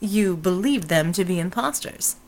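A woman's voice: lowish voice, lively intonation, normal speed, darkish tone, rough recording. A woman voicing a theatrical male pulp hero, speaking in a florid, courtly, old-fashioned manner. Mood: grandiose.

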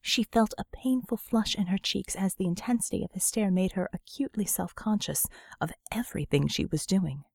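A woman narrating a novel as an audiobook in a steady, measured storytelling voice. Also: medium pitch, creaky, breathy edge, no room sound, studio quality. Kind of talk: scripted narration.

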